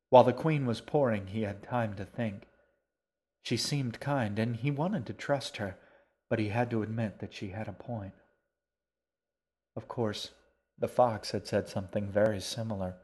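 A man narrating a children's story in a steady, even storytelling manner. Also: lowish voice, a little slow, slightly rough. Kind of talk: audiobook narration.

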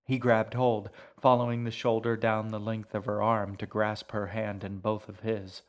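A man narrating an audiobook in a measured, hushed storytelling manner. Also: fairly low pitch, flat delivery. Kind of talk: scripted narration.

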